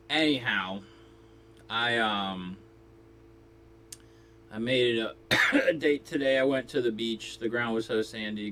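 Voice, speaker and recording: A man rambling through a jokey casual monologue, coughing often and breaking into sudden loud outbursts. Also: lowish voice, slight background noise. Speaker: vlogger. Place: Los Angeles.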